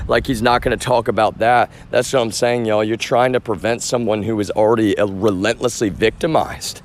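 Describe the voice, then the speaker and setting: A man's voice: lowish voice, steady tone, moderate pace, hardly any pauses. Agitated man ranting on a street livestream. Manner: agitated, rambling, heavy swearing, addresses viewers as "y'all". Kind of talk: outdoor livestream rant. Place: outdoors on a street. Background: traffic.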